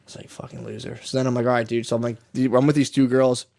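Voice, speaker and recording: A man's voice: medium pitch, level tone, fast, creaky, darkish tone. Rambling, profane man from Texas. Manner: rambling, profane, acts out quotes. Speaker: podcast co-host. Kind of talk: casual storytelling.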